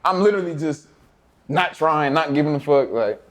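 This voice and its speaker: A man's voice: a little high, animated, normal speed. A young man telling laid-back, profane stories as an interview guest, often laughing and acting out his coaches' voices. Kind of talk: casual storytelling.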